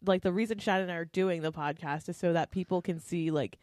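Fast-talking woman podcast co-host. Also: on the low side, a little mellow, no echo, clean studio sound. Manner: candid, swears freely, laughs often. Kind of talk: casual podcast chat.

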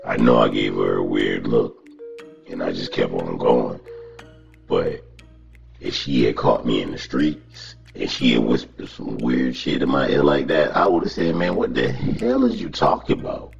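A man with an extremely low, gravelly voice talks through a casual podcast monologue. He tells stories in an animated, profane way and breaks into laughter. The sound is a little muffled, with faint music underneath. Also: unhurried. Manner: animated storytelling, frequent cursing and laughter.

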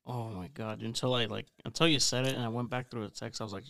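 A man in casual banter who gets excitable, swears freely and keeps calling his friend dude. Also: medium pitch, fast, vocal fry. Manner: excitable, swears a lot, says dude constantly.

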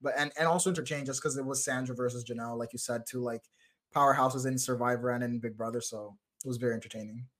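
A man's voice: mid-range voice, fast talker. A man co-hosting a podcast, chatting casually with loose filler words. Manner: relaxed, lots of "like" fillers. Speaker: podcast co-host. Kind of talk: casual recap chat.

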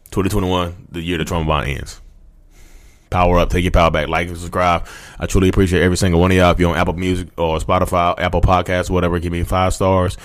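A man in his thirties with a drawl, talking fast in a low, deep voice. He rants straight to his listeners, repeating himself for emphasis and calling them y'all. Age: 30s. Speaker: YouTube host. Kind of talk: impassioned rant to camera.

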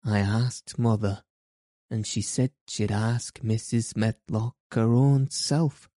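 A man's voice: fairly low pitch, fairly even intonation, takes it slowly, warm tone, no echo, studio quality. A man doing a plain-spoken maid. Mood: eager. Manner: broad dialect, homely. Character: young Yorkshire maid, cheerful and plain-spoken.

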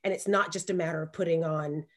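A woman from Alabama with a Southern accent, co-hosting a podcast in animated, emphatic casual chat. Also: sits low, fast talker. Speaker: podcast co-host.

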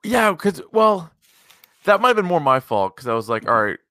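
A man hosting a podcast, chatting casually in an upbeat way with quick asides. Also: a little high, big pitch swings, sharp tone, no echo, studio quality. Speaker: podcast host.

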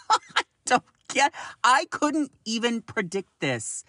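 A man in his thirties hosts a solo podcast with wildly swinging pitch, swooping high and low on almost every phrase. He takes his time, drawing words out at an unhurried pace, with a dry, close sound and no room around him. His delivery is exasperated and profane, broken up by frequent laughs. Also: very animated, sharp tone, no echo. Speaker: podcast host.

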